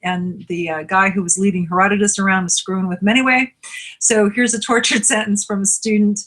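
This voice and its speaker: A woman's voice: medium pitch, steady tone, brisk, a bit bright. A woman co-hosting a podcast, telling wry stories in casual chat with frequent laughs. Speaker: podcast co-host.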